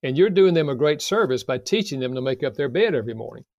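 An older man, a guest author, calmly explaining parenting advice with everyday examples in an interview. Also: medium pitch, vocal fry, no echo, muffled recording. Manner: calm, measured, explains with examples.

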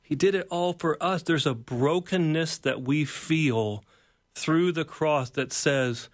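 A man's voice: fairly high pitch, takes it slowly. A man, a pastor and author, speaking as an interview guest in an earnest, preacher-like way, building points through repeated phrases. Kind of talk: reflective devotional talk.

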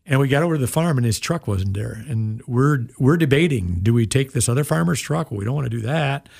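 A man's voice: mid-range voice, expressive, fairly quick, gravelly, a little mellow, no echo, studio quality. A man in his sixties, a pastor and guest in an interview, telling a personal story in an earnest, emotional way. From United States.

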